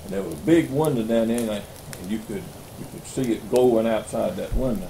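A man's voice: medium pitch, a little fast, gravelly, mellow, a little hiss or hum, poor audio. Older South Carolina man in his 70s; rambling, folksy campfire storyteller. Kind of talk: casual storytelling.

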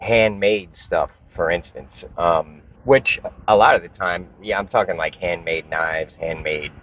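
A man's voice: deep voice, a little slow, dull audio. A man vlogging in a casual, frustrated rant, swearing and rambling with many restarts. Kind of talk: casual ranting monologue.

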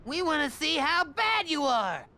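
A bratty little imp. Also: female voice, unhurried, slight background noise, full character voice. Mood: excited. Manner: shrill, excited, bratty. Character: mischievous little trick-or-treater imp, excitable. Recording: game cutscene with loud music.

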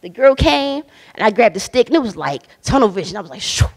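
A woman's voice: mid-range voice, very animated, fast talker, a little mellow, slight background noise. A woman guest minister giving a casual, conversational sermon, emphatic and bold, with slang and frequent laughter. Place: church hall. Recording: long church hall reverb.

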